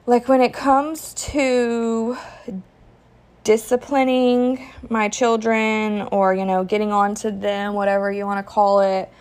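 Slow-speaking frank woman podcaster. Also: on the high side. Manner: frank, peppered with "like", acts out quoted parent talk. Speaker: podcast host. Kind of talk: candid casual podcast monologue.

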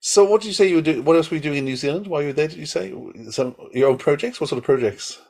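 A man hosting an interview podcast, asking quick questions that stumble at the start. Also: a little high, a little mellow. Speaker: podcast host.

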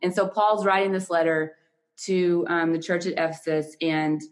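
A woman hosting a podcast, chatting casually in a warm, affectionate and expressive way. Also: lowish voice, normal speed. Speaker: podcast host.

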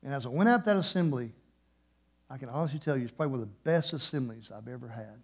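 Impassioned male preacher, hushed to loud. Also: mid-range voice, expressive, fast. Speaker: guest preacher. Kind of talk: sermon. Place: church.

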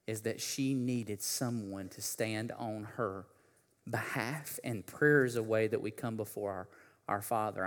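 A man preaching a sermon, talking casually with slang, then building to a loud, impassioned delivery. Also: lowish voice, in a large hall. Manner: builds from conversational to shouting preacher intensity. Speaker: pastor.

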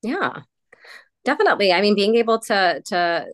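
A woman's voice: mid-range voice, sing-song, moderate pace, no echo. A woman hosting a casual chat, thinking aloud with frequent restarts. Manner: thinking aloud with many restarts and "you know".

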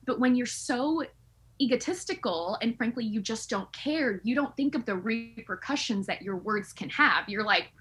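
A woman with a husky, slightly higher voice, talking as a podcast co-host. She tells her stories with emphasis and indignation, leaning hard on the key points. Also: animated, moderate pace, fairly bright tone. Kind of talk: casual chat.

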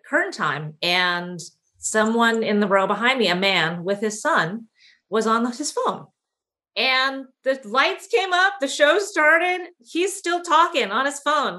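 A woman, a film producer being interviewed, telling stories in an animated way with many fillers. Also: medium pitch. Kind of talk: conversational interview.

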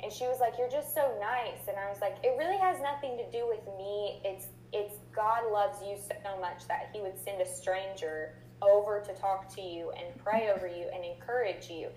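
A woman's voice: mid-range voice, normal speed, few pauses, a little mellow. A woman casually telling a story, talking chattily with lots of fillers, in a room with some echo and a faint hum. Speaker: church member sharing a story.

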